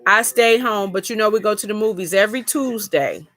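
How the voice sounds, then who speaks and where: A woman's voice: medium pitch, brisk, a bit bright. A middle-aged woman chatting casually with viewers during a live stream, telling a long personal story in a talkative, colloquial way.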